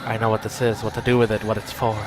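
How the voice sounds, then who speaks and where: A man's voice: lowish voice, flat delivery, fast, close to an everyday voice. A man voicing a tormented man who has become a beast, frantic and stammering. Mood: brooding. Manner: frantic, stammering, breaking into shouts. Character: tormented man turned beast, desperate and unhinged.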